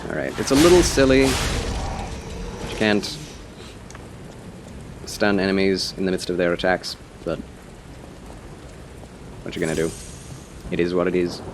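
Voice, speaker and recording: A man streaming a game live, chatting casually and politely with his viewers, with quick laughs and muttered asides. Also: deep voice, background noise. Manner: chatty, answers chat, playful and polite.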